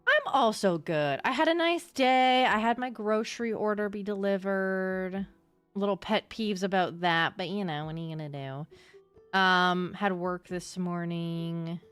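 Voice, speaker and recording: A young woman livestreamer chatting casually and excitably with her viewers, swearing now and then. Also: medium pitch, measured pace, clean tone, dry recording, soft background music. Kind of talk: casual chat with live chat.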